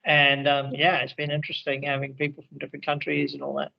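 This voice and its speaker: A man chats over a video call in the evening, his fairly high voice coming through dull and muffled. He rambles, restarting sentences and trailing into fillers as he shares his experiences. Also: completely flat delivery, fast talker, vocal fry. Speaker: spiritual teacher and regression therapist. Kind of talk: casual video call conversation. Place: indoors in India, evening.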